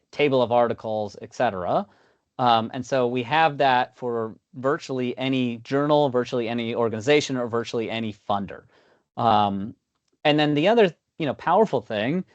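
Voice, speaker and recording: A man giving a conversational software demo in an online meeting, full of "you know" and "um". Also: mid-range voice, no echo. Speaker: product demo presenter. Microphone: video call. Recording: dull lo-fi video call audio.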